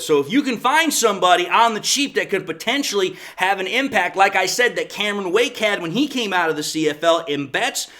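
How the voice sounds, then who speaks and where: A man's voice: high-pitched, a bit bright. A man hosting a solo sports podcast, talking emphatically and building up his points as he goes.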